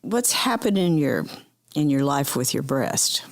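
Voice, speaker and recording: A woman hosting a podcast interview, her voice low and touched with gravel. She asks questions in a supportive, attentive way. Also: very animated, a little slow. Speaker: podcast host.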